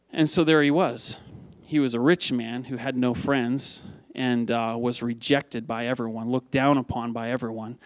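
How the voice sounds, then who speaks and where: A male pastor delivers a conversational sermon, lively and given to repeating words as he poses questions to his congregation. His voice is mid-range, his pace moderate, and the recording is dry.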